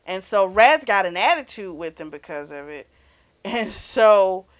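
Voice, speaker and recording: A woman's voice: medium pitch, animated, measured pace, no echo. A woman host casually recapping a novel for a book club, talking in a chatty way and filling her retelling with "you know" and "he's like.".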